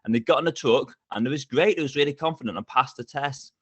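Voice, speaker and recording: A middle-aged man, a podcast guest telling stories with lively energy and frequent laughs. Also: mid-range voice, quick pace, slightly rough, no room sound, dull audio. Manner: energetic, animated, laughs often. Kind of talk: casual storytelling interview.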